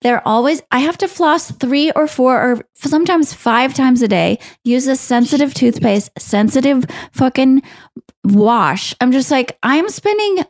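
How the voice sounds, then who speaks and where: A woman's voice: high voice, a little slow. A woman co-hosting a podcast in casual chat, ranting with swearing about her own troubles. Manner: ranting, animated complaining with swearing. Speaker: podcast co-host.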